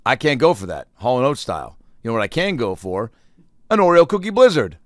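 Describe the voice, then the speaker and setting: A man telling a rambling, profane comic story in a casual monologue, breaking into loud acted-out quotes. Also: mid-range voice, sing-song, fast, no room sound, clean studio sound. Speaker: comedian.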